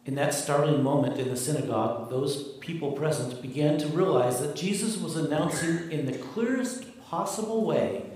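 A man preaching a sermon as pastor, with emphatic, slowly stressed phrases, in a large church. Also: a little high, darkish tone. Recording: very echoey hall, mic far off.

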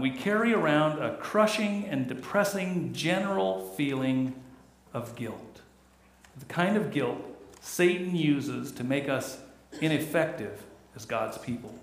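A man's voice: a little high, vocal fry. A middle-aged male pastor preaching a sermon with earnest delivery that rises and falls. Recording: echoey church room.

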